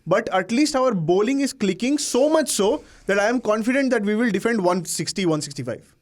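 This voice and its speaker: A man with an Indian English accent argues his point in a casual cricket panel debate. His voice sits a little high, and he talks in quick, animated bursts. He often interrupts the others to press his case.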